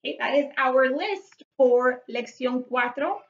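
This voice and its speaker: A woman teaching Spanish vocabulary in a slow lesson, repeating each word and spelling it out. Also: sits high, lively intonation. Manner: repeats words slowly, spells and explains. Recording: echoey, distant, dull lo-fi recording.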